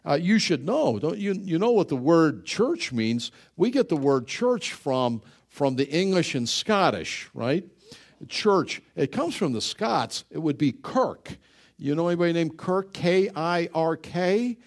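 A man's voice: a little high, big pitch swings, measured pace, a little mellow. A man preaching a sermon in a conversational way, often asking the congregation questions and repeating words for emphasis. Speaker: pastor.

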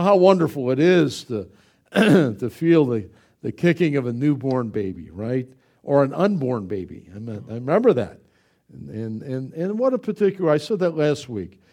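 Speaking in a mid-range voice, a middle-aged pastor preaches in an exuberant, animated, conversational way, with chatty asides aimed at his congregation.

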